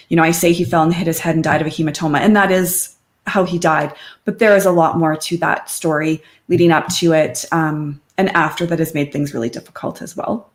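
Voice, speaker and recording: A middle-aged woman, a podcast guest, speaking openly and conversationally about her life. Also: sits low. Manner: open and conversational, quotes friends in lively voices. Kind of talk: candid personal interview.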